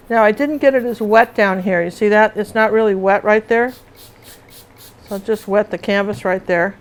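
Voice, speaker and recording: A woman's voice: medium pitch, clear, resonant tone, rough recording. A middle-aged woman teaching acrylic painting in a live demonstration, chatty and often asking viewers if they see it.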